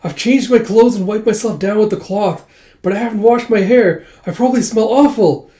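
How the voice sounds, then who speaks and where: A man voicing a flustered, earnest young princess in a high, squeaky comic voice during a comic readthrough. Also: animated, normal speed, a little mellow, lightly acted. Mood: embarrassed. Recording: roomy echo.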